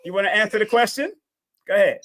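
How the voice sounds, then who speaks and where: A man's voice: high-pitched, quick pace. A man hosting a live call-in stream, talking casually and repeating himself with lots of energy. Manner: repetitive, animated, talks to chat and callers.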